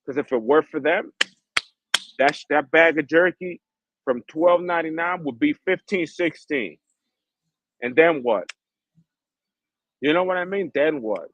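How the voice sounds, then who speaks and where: A man's voice: on the high side, dry recording, highs cut off. A man hosting a livestream, ranting in heated, profane street slang. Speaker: livestream host.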